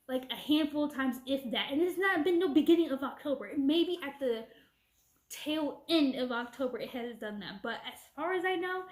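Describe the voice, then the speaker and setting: A young woman telling a casual storytime rant, animatedly retelling a back-and-forth conversation. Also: high-pitched. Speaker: vlogger. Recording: echoey room.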